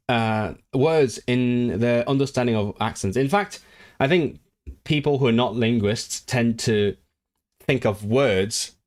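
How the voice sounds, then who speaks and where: A man from Hong Kong hosting a language livestream, reading viewer comments aloud and rambling through his replies with many restarts. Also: mid-range voice. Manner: rambling, self-correcting, reads viewer comments aloud and responds animatedly.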